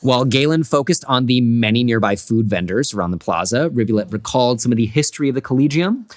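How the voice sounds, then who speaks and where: A man's voice: mid-range voice, lively intonation, fast talker, darkish tone. A man acting as game master, recapping the last session in a loose, rambling way with small laughs. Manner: loose and rambling, with fillers and self-amused laughs. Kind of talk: casual chat and recap narration of a tabletop game.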